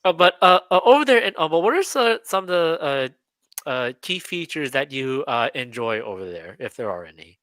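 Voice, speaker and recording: A young man hosting a live radio talk show, his voice bright and forward, recorded dry and close with no room sound. He hedges and restarts often and leans on fillers as he chats and reads out comments. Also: fairly high pitch, sing-song, normal speed, no room sound. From Texas. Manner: hesitant, many fillers and restarts.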